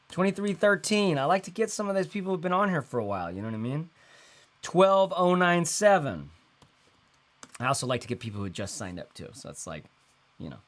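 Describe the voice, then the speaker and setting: A man's voice: on the high side, a bit bright. Upbeat, rambling man on a livestream. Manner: loose and rambling, full of fillers and slang. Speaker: host. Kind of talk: casual livestream chat.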